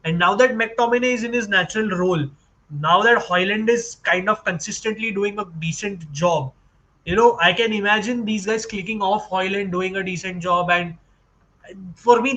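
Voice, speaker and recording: A man's voice: high-pitched, sharp tone, rough recording. A man from India co-hosting a live football chat, switching between English and Hindi and correcting himself readily. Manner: mixes English and Hindi mid-sentence; laughs easily, self-correcting. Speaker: podcast co-host. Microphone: live stream setup.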